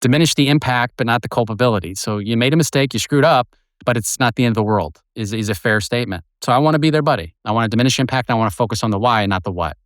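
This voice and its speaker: A man's voice: mid-range voice, rapid-fire, no room sound. Middle-aged guy on a podcast, breaks down his methods with lots of examples, dry close sound. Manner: animated, explains with examples and acted quotes. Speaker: guest, retired federal agent and author. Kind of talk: podcast interview, explanatory.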